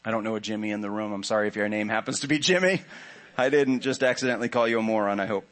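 A man's voice: on the low side, racing, a bit bright. A man preaching to a church congregation in a conversational way, with joking asides to the listeners. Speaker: pastor. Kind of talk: sermon. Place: church sanctuary.

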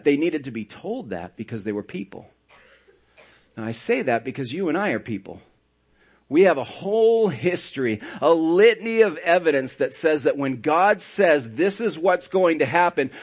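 Animated preacher man with a slightly high voice. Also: moderate pace, slightly rough. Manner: animated storytelling, swinging between hushed and loud; sarcastic asides. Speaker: pastor. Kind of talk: sermon.

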